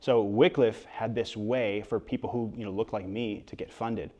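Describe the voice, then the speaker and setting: A man being interviewed about his book in front of an audience, telling stories in a lively way with quick asides and frequent restarts. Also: fairly low pitch, muffled recording. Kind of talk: storytelling interview talk before an audience. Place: event hall with an audience.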